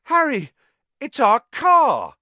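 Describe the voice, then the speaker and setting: A man voicing a frightened, excitable boy wizard, speaking shrill and panicky. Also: slow pace, dry recording, dull audio, exaggerated voice. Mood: overjoyed.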